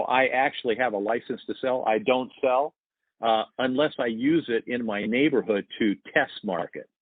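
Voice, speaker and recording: A man's voice: medium pitch, no room sound. A man in his sixties chatting casually on a podcast, telling sales anecdotes and acting out both sides of the dialogue. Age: 60s. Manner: storytelling, acts out quoted dialogue. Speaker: sales guest. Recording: tinny phone-like line, dry.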